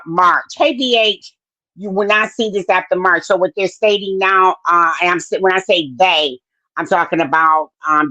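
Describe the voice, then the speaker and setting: A woman's voice: lowish voice, pushed and bright, no room sound. A woman hosting a podcast live stream in a casual, chatty way, full of fillers and greeting viewers by name. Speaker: podcast host. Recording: dry, dull lo-fi sound.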